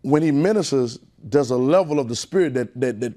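A male preacher delivering a sermon, chatting with the congregation in folksy asides and building up in pitch and volume as he drives his points home. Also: lively intonation, fairly quick, warm tone.

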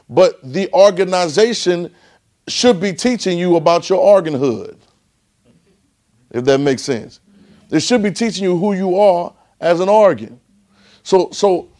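A man's voice: a little high, measured pace, long pauses, a little mellow. Man preaching a call-and-response sermon. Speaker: pastor.

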